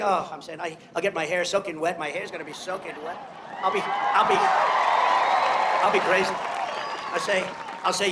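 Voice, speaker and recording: A man's voice: high-pitched, fairly even intonation, a little fast, roomy sound, a crowd in the background, noisy background. An older man giving a rambling, boastful speech, telling stories and mocking people.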